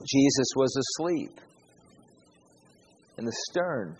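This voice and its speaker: Husky-voiced male preacher in an echoey hall. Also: mid-range voice, expressive, takes it slowly, darkish tone. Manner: earnest, repeating key phrases and asking rhetorical questions. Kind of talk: sermon. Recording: dull, echoey hall recording.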